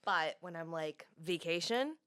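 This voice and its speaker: A woman's voice: lowish voice, lively intonation, measured pace, fairly bright tone, clean tone. A woman guest on a podcast, chatting casually in a bubbly, joking way and laughing often. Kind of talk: casual chat.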